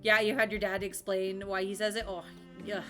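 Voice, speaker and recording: A woman's voice: medium pitch, level tone, moderate pace, a bit bright, faint music behind. A young woman from Florida chatting casually while streaming a game, rambling, laughing often and swearing freely.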